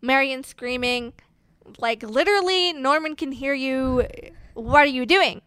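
A woman's voice: sits high, measured pace, a bit bright, smooth. A woman casually recapping a film plot in a wry, conversational way.

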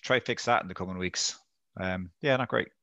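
A man's voice: deep voice, normal speed, sharp tone, no echo. A man co-hosting a casual podcast, wry and self-mocking as he talks through his week. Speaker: podcast co-host.

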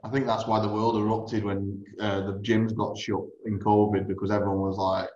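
A man's voice: lowish voice, flat delivery, normal speed, few pauses, darkish tone. Man on an echoey lo-fi line. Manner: earnest, calls people mate. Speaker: podcast guest. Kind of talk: casual chat.

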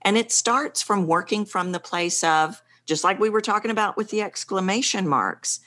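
A woman's voice: mid-range voice, normal speed, few pauses, pushed and bright. A middle-aged woman speaking coach, talking animatedly in an interview and shifting her pace for emphasis. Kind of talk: conversational interview.

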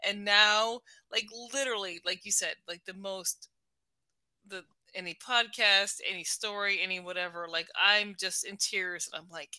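A woman's voice: mid-range voice, fairly even intonation, moderate pace, pushed and bright, dry recording. A woman in her forties chatting casually as a podcast co-host, full of "like" fillers. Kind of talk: casual chat.

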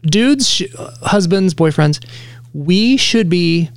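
Gravelly man choosing words carefully. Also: sits high, expressive, takes it slowly, no room sound, clean studio sound. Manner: careful, searching for the right words. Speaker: podcast co-host. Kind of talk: casual podcast conversation.

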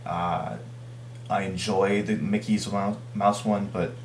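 A very low-voiced man gives blunt opinions in a casual chat. The room rings around him, and a faint hum runs underneath. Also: fairly even intonation, takes it slowly, roomy sound.

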